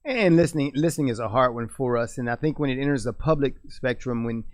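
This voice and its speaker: A middle-aged man hosting a radio talk show, speaking earnestly and quickly with frequent restarts. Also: mid-range voice. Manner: earnest, rapid, with many restarts. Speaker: radio host. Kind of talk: conversational discussion.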